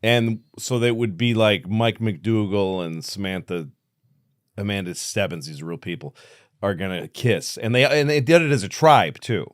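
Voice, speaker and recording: Deep-voiced man in his fifties, podcast guest, blunt profane storyteller, dry close mic. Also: normal speed, no room sound. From United States. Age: 50s. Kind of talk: casual chat.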